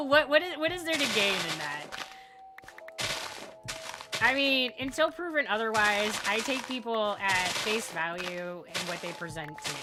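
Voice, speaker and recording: A woman streamer chatting casually with her viewers, telling candid stories and acting out both sides of conversations. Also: medium pitch. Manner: candid, animated storytelling with quoted voices. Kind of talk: casual chat.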